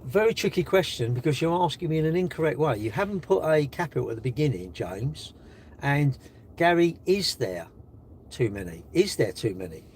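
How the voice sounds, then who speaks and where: On a live stream recorded in his car during charging, a British-accented man answers viewers' comments with sarcastic, mocking remarks after reading them out. He speaks at a moderate pace with lively intonation in a slightly high voice, and a little hiss or hum can be heard.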